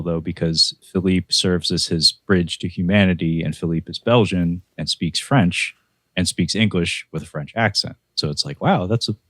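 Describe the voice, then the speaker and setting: An American man co-hosting a casual film review, talking in long rambling stretches with restarts and quick laughs. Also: sits low, fairly bright tone, dry recording.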